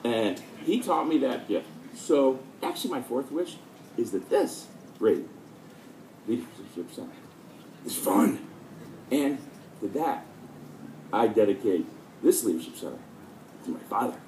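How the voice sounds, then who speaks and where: A man's voice: medium pitch, a little slow, pauses often, reverberant, slight background noise, rough recording. A middle-aged man giving a speech to an audience, telling a story and acting out the quotes. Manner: storytelling with lively acted-out quotes. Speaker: speaker.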